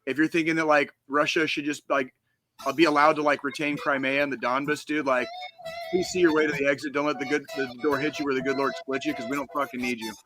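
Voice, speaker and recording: A man's voice: on the high side, flat delivery, quick pace, music in the background. A man from the United States co-hosting a gaming podcast, ranting heatedly and swearing constantly in casual chat. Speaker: podcast co-host.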